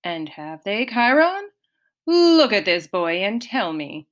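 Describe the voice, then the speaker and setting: A woman's voice: medium pitch, sing-song, slow. A woman reading an audiobook, voicing an impatient, pompous male camp director who scoffs and talks down to people. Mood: scornful. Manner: scoffing, condescending.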